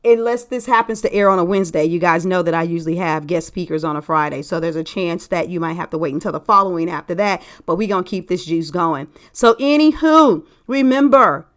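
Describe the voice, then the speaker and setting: A woman's voice: fairly low pitch, brisk, hardly any pauses, fairly bright tone. A woman hosting a podcast as a sales coach, talking casually and emphatically straight to her listeners.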